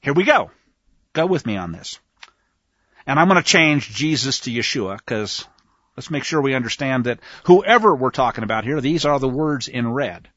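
Lively, bright-voiced man teaching scripture. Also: medium pitch, moderate pace, dry recording. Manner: animated, emphatic, talks to listeners directly. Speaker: Bible teacher. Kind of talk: conversational Bible teaching. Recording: dull lo-fi dry recording.

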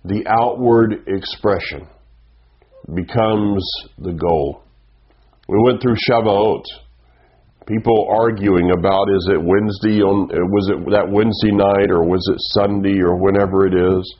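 A man's voice: sits low, steady tone, unhurried. A man with a Southern US accent preaching a sermon, teaching earnestly and often restarting his sentences. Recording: dull lo-fi sound.

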